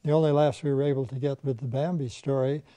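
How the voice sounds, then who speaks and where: A man's voice: mid-range voice, steady tone, fast talker, mellow, no echo. An older man, a veteran animation filmmaker, reminiscing in conversation and telling anecdotes in which he mimics the people he quotes.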